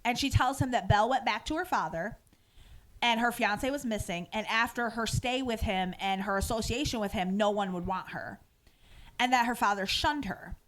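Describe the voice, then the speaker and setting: A woman's voice: fairly high pitch, moderate pace. A woman podcast host retells a show's scenes in loose, chatty fashion, peppering her talk with "um" and "like." She slips into the characters' lines as she goes, with the odd casual swear word. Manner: animated retelling, acting out quoted lines; frequent "um" and "like" fillers, casual swearing. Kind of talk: casual episode recap chat.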